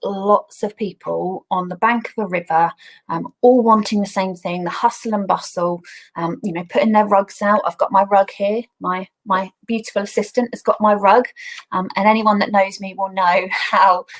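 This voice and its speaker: A woman's voice: mid-range voice, steady tone, moderate pace, poor audio. A woman with an English accent giving a casual, homely church talk for children from her home over a video call, chatting with small laughs. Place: home by a garden window.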